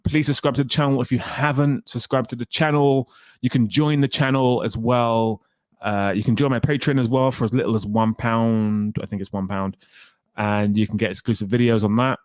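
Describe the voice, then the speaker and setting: A man's voice: lowish voice, no room sound, clean studio sound. A man hosting a livestream, chatting casually and animatedly, reacting with exclamations and frequent laughs. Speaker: host.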